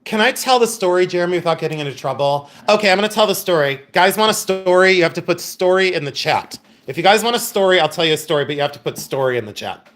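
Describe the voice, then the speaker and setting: A man's voice: high voice, lively intonation, fast, hardly any pauses, fairly bright tone. A man hosting a live-stream jewelry sale. He tells bawdy stories, laughs often and calls viewers by name. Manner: chatty, laughing, bawdy storyteller; addresses chat viewers by name. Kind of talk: casual live-stream sales chat.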